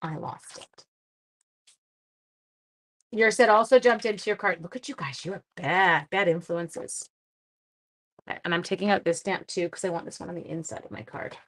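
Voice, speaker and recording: Chatty Canadian woman, lowish voice. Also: normal speed, long pauses. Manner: chatty, greets viewers by name, thinks aloud. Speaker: card-making livestream host. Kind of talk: casual live-stream chat while crafting.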